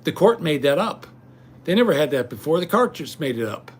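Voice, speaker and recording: A man's voice: on the high side, big pitch swings, fairly quick, husky. An older man hosting a livestream, ranting indignantly and rambling straight at his viewers. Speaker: livestream host. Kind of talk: casual rant to viewers.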